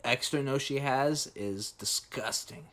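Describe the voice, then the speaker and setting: A man's voice: mid-range voice, takes it slowly, fairly bright tone. A man co-hosting a podcast, laughing and talking crudely while reacting to clips. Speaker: podcast co-host. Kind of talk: casual chat reacting to clips.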